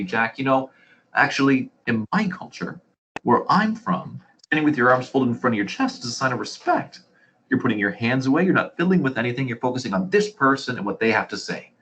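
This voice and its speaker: A man's voice: lowish voice, a bit bright, low-quality recording. A man leading a staff training session, explaining with anecdotes and rhetorical questions in an earnest manner. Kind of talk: presenting a staff training talk.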